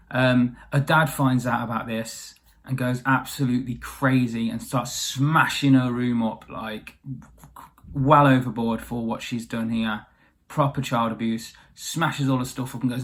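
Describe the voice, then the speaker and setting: A man's voice: medium pitch, fairly even intonation, measured pace, a bit bright. Wry rambling male storyteller. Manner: rambling, wry, full of asides and fillers. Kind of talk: comic retelling of a fairy tale.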